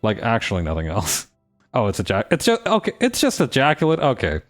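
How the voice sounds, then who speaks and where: A man's voice: mid-range voice, fairly quick, soft background music. A man playing a role-playing video game, joking and laughing as he comments on his choices. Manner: animated, joking, laughs often. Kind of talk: casual let's-play commentary.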